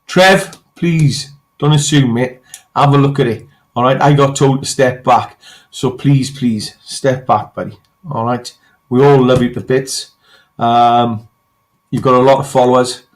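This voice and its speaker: A man's voice: medium pitch, fairly even intonation, a little slow. An English man hosting a livestream rant, who keeps checking in with "all right?" and pleads with his listener. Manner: repeats "all right?", ranting then pleading. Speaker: host.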